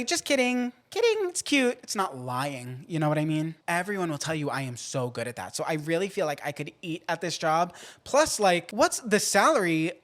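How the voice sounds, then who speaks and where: A man hosting a podcast in a casual, playful way, swinging between loud outbursts and quiet asides. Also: on the high side. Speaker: podcast host.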